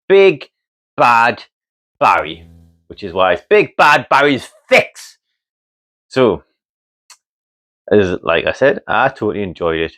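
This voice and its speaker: A man's voice: fairly low pitch, fairly bright tone. A Geordie man from North East England, a builder vlogger giving a jokey, mock-dramatic monologue to camera, teasing and swearing casually.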